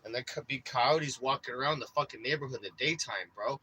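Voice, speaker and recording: A man's voice: mid-range voice, a little fast, sharp tone, slight background noise, low-quality recording. A young man casually telling a rambling story full of swearing, often saying bro. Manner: profane, rambling, says bro a lot. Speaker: vlogger.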